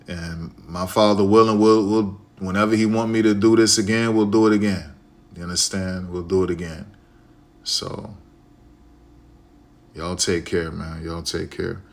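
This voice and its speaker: A man from Chicago streaming live, talking casually and repetitively to his viewers, with a preachy way of speaking. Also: low voice.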